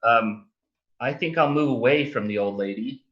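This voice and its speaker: Over voice chat, a man playing a tabletop game announces his moves in a chatty, slightly theatrical way. His voice is medium-pitched and fairly bright, at a moderate pace, and his mic is dull and lo-fi.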